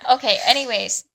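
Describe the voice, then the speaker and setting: A young adult woman co-hosting a podcast, telling an animated story in casual chat with lots of "like". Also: high-pitched. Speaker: podcast co-host.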